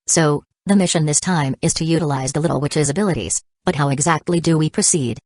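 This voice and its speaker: A woman's voice: low-pitched, fairly quick, a little mellow, no room sound. A woman voicing a cautious young woman agent who questions the plan with concern, in an audiobook reading. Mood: worried. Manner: worried, questioning.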